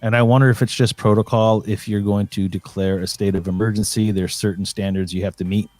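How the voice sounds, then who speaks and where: On a casual call-in chat, a male guest phones in from home with a fairly low, level, darkish voice at a brisk pace, with no echo. He rambles earnestly, full of fillers and restarts.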